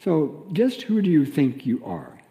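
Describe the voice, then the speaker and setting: A man giving a sermon as a minister, teaching in a gentle, reflective way with pauses. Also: a little high, wildly swooping pitch, long reverb tail.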